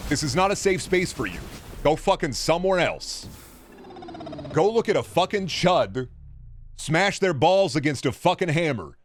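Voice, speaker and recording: A male streamer in a heated, profanity-laden rant, his voice slightly high and swinging widely up and down. He sounds exasperated and worn out. Faint music plays behind him. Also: big pitch swings, a little slow, pauses often. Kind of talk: angry live-stream rant.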